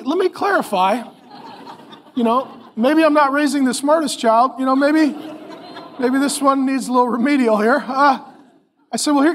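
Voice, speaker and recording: A man's voice: high-pitched, in a large hall. A man preaching a sermon to a live audience, telling stories with acted-out voices and questions for the crowd. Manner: animated storytelling, acts out voices, asks the audience questions. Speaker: pastor.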